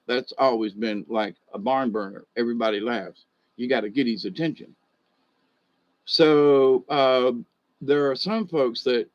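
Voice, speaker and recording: A man's voice: medium pitch, no room sound, muffled recording. A man, telling folksy stories and rambling with chuckles. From Georgia, US. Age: 60s. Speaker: monologue host.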